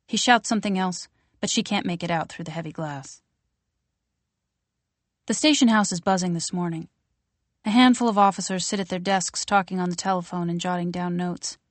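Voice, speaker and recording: A woman narrates an audiobook in an even, descriptive way, with a voice slightly low for a woman. The sound is close and dry, with no room around it. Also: no room sound. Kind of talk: scripted narration.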